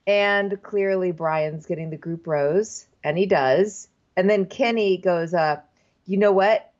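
A woman's voice: fairly low pitch, slow pace, a little mellow. A woman co-hosting a casual comedic recap chat, retelling scenes and quoting people in put-on voices. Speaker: podcast co-host. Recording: dull lo-fi sound.

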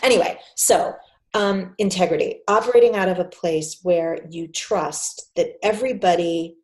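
Casting note: woman, forties, animated storyteller guest, slightly low voice. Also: moderate pace. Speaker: podcast guest, PR agency founder. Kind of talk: casual storytelling interview.

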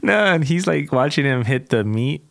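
A man's voice: mid-range voice, animated, normal speed, gravelly, no room sound. A man co-hosting a music podcast, chatting loosely and laughing easily. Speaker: podcast co-host. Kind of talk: casual chat.

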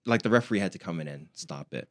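A man co-hosting a sports podcast from a studio, eagerly breaking down fights with slangy enthusiasm and quick laughs. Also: low-pitched, animated, no echo. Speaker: podcast co-host.

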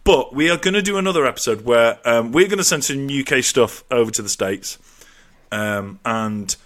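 A man's voice: medium pitch, moderate pace, a bit bright. An English man co-hosting a comedy podcast, bantering and swearing freely. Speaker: podcast co-host. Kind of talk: casual banter.

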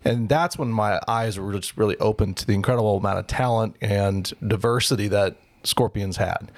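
Earnest younger man with a low, dry voice. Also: normal speed, no room sound. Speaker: podcast co-host. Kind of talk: casual chat.

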